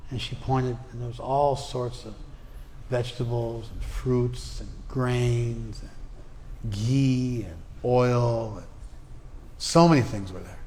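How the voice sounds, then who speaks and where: A man gives a spiritual class and tells a traditional story at an easy, conversational pace. He slips in personal asides. His mid-pitched voice rings with the long reverb of a hall. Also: fairly even intonation, slow, a little mellow, a little hiss or hum. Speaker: spiritual teacher giving a class. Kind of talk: storytelling lecture.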